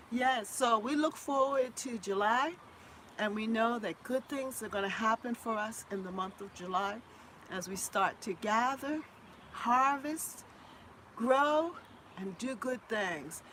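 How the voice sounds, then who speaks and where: With a fairly high voice and an unhurried pace, a Boston gardening host chats warmly and effusively with her live viewers. Recorded on a phone with a little hiss or hum, she also sings a jingle she wrote herself.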